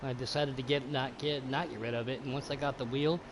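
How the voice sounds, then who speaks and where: A man calling an online sim race play-by-play, casual and excitable, with loud bursts and some cursing. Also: medium pitch, fairly quick, a little hiss or hum. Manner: casual, curses freely. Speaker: race commentator. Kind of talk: sim racing play-by-play commentary.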